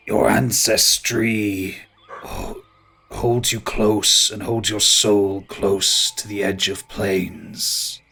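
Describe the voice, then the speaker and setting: A man doing a slow, solemn ancient tree spirit. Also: fairly low pitch, little pitch movement, creaky, bright, forceful tone, slightly rough, full character voice. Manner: slow, measured, solemn delivery.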